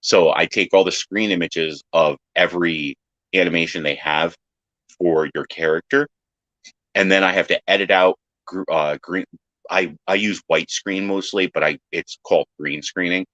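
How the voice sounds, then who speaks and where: A man in casual chat who tells animated stories, acting out other people's lines in silly high voices and swearing freely. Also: moderate pace, dry recording. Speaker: podcast panelist. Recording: dry, dull lo-fi sound.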